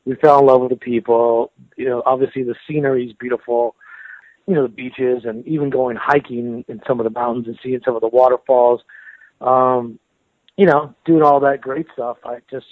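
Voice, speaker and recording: A man's voice: medium pitch, normal speed, no echo. American man on a tinny phone line. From United States. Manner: relaxed, chatty, laughs often, repeats words. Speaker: interviewed metal guitarist. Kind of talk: casual phone interview.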